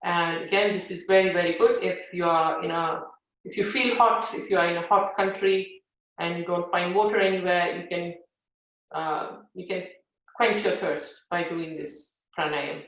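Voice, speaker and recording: A woman teaching a yoga breathing class, guiding gently with frequent "yeah?" check-ins and fillers. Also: fairly low pitch, fairly even intonation, moderate pace, lo-fi sound. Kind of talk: live guided yoga class. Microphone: device set back from the speaker. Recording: very echoey room, far from mic.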